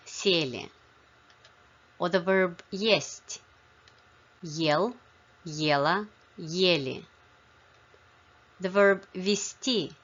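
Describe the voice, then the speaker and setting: A woman teaching a language lesson, explaining grammar in a clear, measured way and spelling out word forms one by one. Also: on the low side, a bit bright, dull audio. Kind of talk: slow, careful language lesson.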